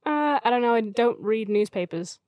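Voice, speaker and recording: Teasing young woman, slightly high voice. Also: expressive, normal speed, a little mellow, dry recording, studio quality. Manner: teasing, playful. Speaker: podcast co-host. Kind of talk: casual chat.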